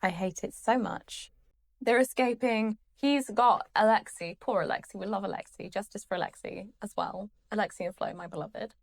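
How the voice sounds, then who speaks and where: A young woman speaks close to her mic at a middle pitch. She rants about a TV character with dry sarcasm and plenty of swearing. She keeps doubling back into rambling asides. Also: moderate pace, gravelly. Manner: sarcastic, exasperated, swears freely. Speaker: channel host. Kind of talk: ranting commentary.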